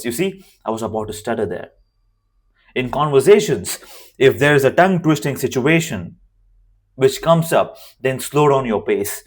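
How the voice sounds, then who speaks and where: A man with a worn, hoarse voice giving an unscripted to-camera lesson as a communication coach, emphatic and repeating his key phrases. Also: mid-range voice, expressive, moderate pace.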